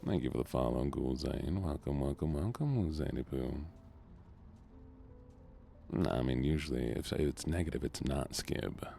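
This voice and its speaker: A soft-spoken man with a Southern US accent, chatting with viewers during a relaxed gaming stream. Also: a bass voice, moderate pace, creaky, long pauses, soft background music. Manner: relaxed, chatting to viewers between game moments.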